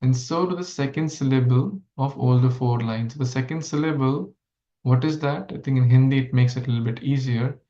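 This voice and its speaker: A man leading a scripture class, explaining a verse slowly and asking listeners questions. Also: medium pitch, mellow. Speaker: Bhagavatam class speaker. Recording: echoey room, dull lo-fi sound.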